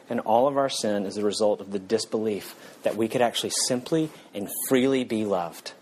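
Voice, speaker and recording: A male pastor preaching a sermon in an earnest voice, slowing and softening for emphasis. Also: fairly low pitch, slight background noise, low-quality recording.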